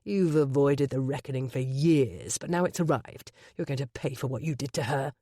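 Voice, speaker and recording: A narrator voicing a ruthless self-made duke in an audiobook, speaking in a low, smooth and threatening way. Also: male voice, moderate pace, mellow, no echo, clean studio sound, close to an everyday voice. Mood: menacing. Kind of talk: audiobook character voice.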